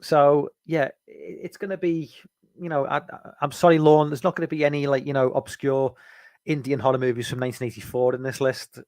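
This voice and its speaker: A man's voice: medium pitch, level tone, a little fast, a little mellow, no room sound. A man hosting a casual movie chat, rambling with lots of fillers and restarts. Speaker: podcast host.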